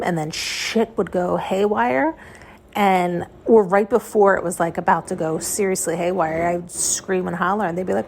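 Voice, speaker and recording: A woman's voice: medium pitch, vocal fry, darkish tone. A woman hosting a podcast, talking in a rambling, frank and profane monologue. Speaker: podcast host. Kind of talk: casual intuitive monologue.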